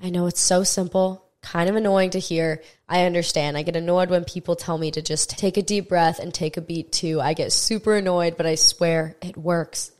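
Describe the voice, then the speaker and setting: A woman's voice: fairly low pitch, steady tone, moderate pace, few pauses, a little mellow. A young adult woman hosting a self-help podcast, talking straight to the listener in a frank, swearing, coaching way. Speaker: podcast host. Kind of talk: casual self-help monologue.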